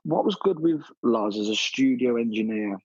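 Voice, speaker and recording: A husky-voiced man from tells stories from his DJ career in a blunt, animated way, peppering every thought with "you know" and "mate." His voice is recorded close and dry, with slightly muffled highs. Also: normal speed, dry recording. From Birmingham, England. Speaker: DJ and guest. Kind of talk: casual storytelling interview.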